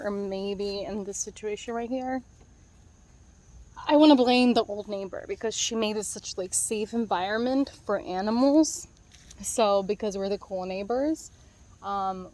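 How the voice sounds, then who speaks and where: A woman talks into her phone camera out in her backyard in a loose, rambling vlog style. Nearly every phrase is padded with "like" and "um" as she drifts from one thought to the next. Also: mid-range voice. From outside the US, moved there as a child. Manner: rambling, filler-heavy, says "like" constantly. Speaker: vlogger. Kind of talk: casual vlog chat. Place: outdoors in a backyard.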